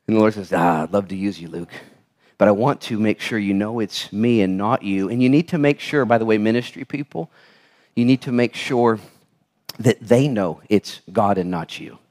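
A man preaching a sermon as pastor in a church, animated and storytelling, swinging from hushed intensity to loud exclamations. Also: fairly high pitch. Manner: storytelling, acts out quoted dialogue.

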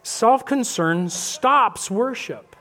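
Man, pastor, church sermon, animated, high pitch, lively delivery. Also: drawn-out words. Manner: animated, acts out congregation voices. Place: church sanctuary.

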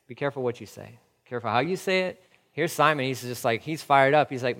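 A man's voice: mid-range voice, fast talker, a bit bright, long reverb tail. A man preaching a sermon as a pastor, fired up, repeating his phrases and firing off rhetorical questions.

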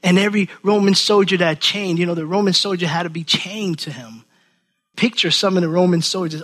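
A man preaches with a fairly high voice. He is animated and acts out the people he quotes, often repeating words as he goes. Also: brisk. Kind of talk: sermon.

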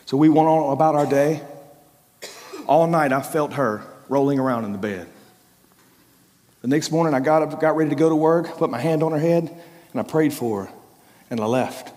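A man preaching his testimony with a fairly high voice, hammering home repeated phrases and then dropping to a hush. His words ring out with the long reverb of a large church hall. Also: normal speed, long pauses. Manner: emphatic storytelling with repeated phrases; swings between raised bursts and hushed, low passages. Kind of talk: sermon testimony.

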